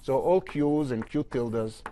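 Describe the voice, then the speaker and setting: A man giving a university physics lecture at a blackboard, his phrases often trailing off low at the end. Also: takes it slowly. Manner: lively pitch, trails off low at phrase ends. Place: lecture hall.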